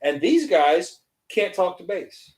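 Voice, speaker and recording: Profane, animated man telling a story, higher voice. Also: takes it slowly, echoey room, rough recording. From United States. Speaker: podcast host. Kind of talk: casual podcast chat, storytelling.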